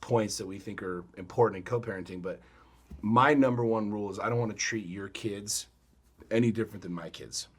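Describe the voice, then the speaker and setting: A middle-aged man co-hosting a podcast, telling a story in a blunt, profane, animated way. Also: lowish voice, a little fast, slightly rough. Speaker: podcast co-host. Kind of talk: casual chat.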